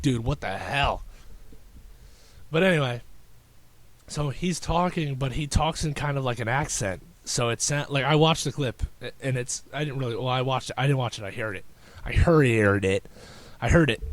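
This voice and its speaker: A young man hosting a casual solo podcast, rambling and sarcastic with many halting restarts. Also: mid-range voice, no room sound. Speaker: podcast host.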